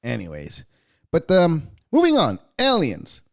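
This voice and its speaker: A man's voice: a little high, wildly swooping pitch, unhurried, gravelly. A man hosting a podcast, going off in a sarcastic, rambling, profane monologue. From United States. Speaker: podcast host. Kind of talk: casual opinionated monologue.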